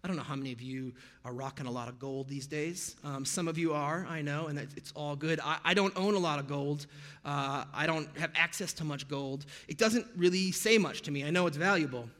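A man's voice: fairly high pitch, brisk, fairly bright tone, in a large hall. An American man preaching a sermon as pastor, conversational and sprinkled with jokey pop-culture asides. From United States.

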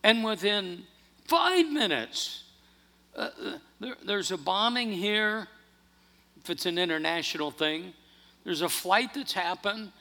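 A man preaching a sermon as pastor, earnest and animated, often restarting his words. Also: sits high, slow pace. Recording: long hall reverb.

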